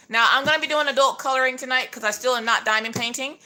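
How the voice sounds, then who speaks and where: A woman's voice: high voice, quick pace, few pauses, sharp tone. A woman hosting a casual craft livestream, playfully greeting chat viewers by name and joking with them as she unboxes.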